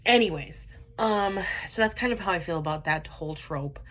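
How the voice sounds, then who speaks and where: A woman's voice: fairly low pitch, expressive, moderate pace, fairly bright tone. A young woman with a stuffy nose from a cold, rambling casually in a vlog with many fillers and restarts. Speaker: vlogger reviewing dramas.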